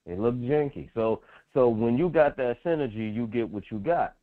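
Excitable man on a tinny line. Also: mid-range voice, moderate pace. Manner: excitable, repeats phrases, acts out players' words. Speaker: sports talk show co-host. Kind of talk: animated sports talk chat.

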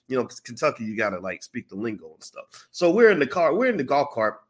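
Fast and with few pauses, a man with a slightly rough, mid-range voice spins a long, casual, expletive-laden story from his own life, animatedly performing the voices of the people involved.

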